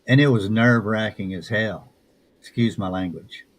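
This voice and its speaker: A man with a Southern accent answers questions as a guest author. He speaks in an unhurried, reflective way, starting over mid-sentence as he searches for words. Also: on the low side. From Texas. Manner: unhurried, reflective, with frequent restarts. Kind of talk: casual interview talk.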